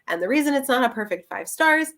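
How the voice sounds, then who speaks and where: A woman's voice: sits high, animated, fast, a bit bright. A young woman chatting casually through a book review, rambling with plenty of fillers and little laughs.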